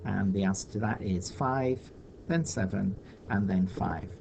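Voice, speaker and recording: A man's voice: lowish voice, unhurried, gravelly, a little mellow, muffled recording, slight background noise. A man teaching a recorded video lesson for children, patiently talking through each step aloud.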